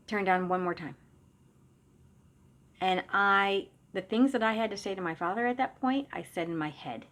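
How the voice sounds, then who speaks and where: A woman's voice: mid-range voice, normal speed, pauses often, fairly bright tone. A middle-aged woman and psychic medium telling a personal story in a casual, conversational way, often restarting sentences and trailing off into asides.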